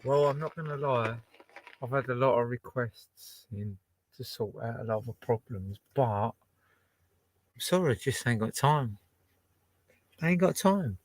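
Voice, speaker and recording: A man's voice: mid-range voice, animated, measured pace, long pauses, no room sound. A man in his sixties, chatting casually and swearing as he plays vinyl records and jokes at himself. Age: 60s. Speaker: home DJ playing vinyl records. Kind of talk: casual chat.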